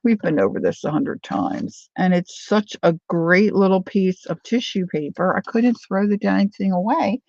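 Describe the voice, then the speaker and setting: Chatty woman with a gravelly voice. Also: medium pitch, animated, moderate pace, hardly any pauses, darkish tone, dry recording, highs cut off. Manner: chatty, reads viewer comments aloud. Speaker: craft vlogger. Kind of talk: casual crafting chat.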